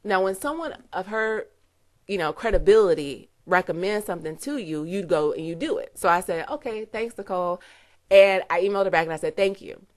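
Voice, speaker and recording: A woman's voice: on the low side, brisk. A woman giving an earnest, emotional testimonial to camera, close to tears, with many "you know" fillers. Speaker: network marketer giving a testimonial.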